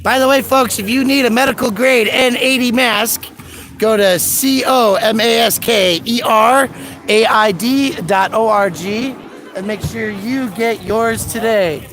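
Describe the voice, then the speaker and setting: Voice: mid-range voice, a little slow, a bit bright, a little hiss or hum. A citizen journalist giving heated, impassioned commentary while filming on a city street. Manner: impassioned, builds into an indignant rant.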